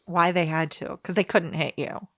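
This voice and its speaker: A woman's voice: fairly low pitch, fairly even intonation, normal speed, fairly bright tone, dry recording, studio quality. A woman co-hosting a podcast, talking things through in a thoughtful, chatty way. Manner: thoughtful, chatty, laughs often. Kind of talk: casual chat.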